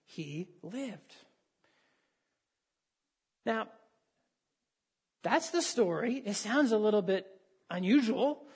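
Husky-voiced preacher reading scripture. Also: medium pitch. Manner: conversational, asks the listeners questions and reads scripture aloud. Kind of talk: sermon with Bible reading.

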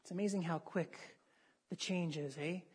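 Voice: medium pitch, normal speed, a little mellow, breathy edge. A preacher giving a conversational sermon, reading Bible passages aloud and putting questions to the listeners.

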